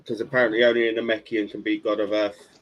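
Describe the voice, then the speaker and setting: A man with a lowish, level voice talks fast on a lo-fi recording as a podcast co-host. The chat is casual; he is chatty but a bit hesitant, using fillers and laughing at jokes.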